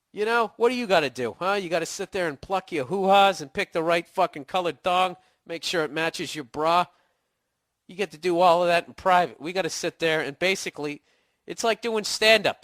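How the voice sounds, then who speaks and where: A man's voice: fairly high pitch, a bit bright, dry recording, studio quality. A man hosting a podcast, talking in a casual comedic rant full of profanity and sarcastic mock insults. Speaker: podcast host.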